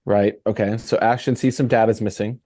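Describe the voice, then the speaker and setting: A man on a casual podcast who drops in quick, wry comments and swears. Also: fairly low pitch, fairly even intonation, dark tone, slight background noise.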